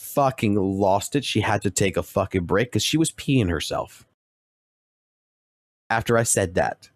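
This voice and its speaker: A man's voice: on the low side, animated, unhurried, long pauses, dry recording. A male streamer casually rambling through a story with constant swearing and restarts.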